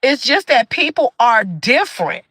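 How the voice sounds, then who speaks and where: A woman's voice: a little high, very animated, a little slow, a bit bright, husky, dry recording, low-quality recording. A woman from Michigan hosting a livestream, talking casually and earnestly, preaching a little and greeting viewers in the chat. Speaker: livestream host.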